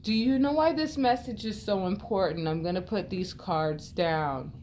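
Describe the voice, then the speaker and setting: A woman's voice: medium pitch, normal speed, darkish tone, a little hiss or hum. A woman tarot reader talking straight to her viewers, blunt and emphatic, often acting out her exchanges with Spirit. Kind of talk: direct-to-camera spiritual talk.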